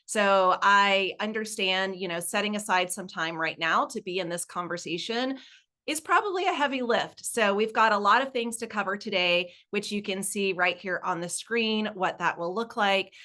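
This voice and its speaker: Bright-voiced Southern woman presenting a webinar. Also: mid-range voice, moderate pace. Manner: upbeat, chatty, laughs easily. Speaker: nonprofit consultant presenting a webinar.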